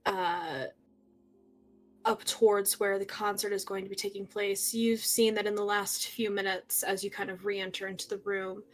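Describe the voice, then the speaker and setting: A woman's voice: medium pitch, flat delivery, moderate pace. A woman narrating a tabletop horror game as game master, setting scenes with many fillers.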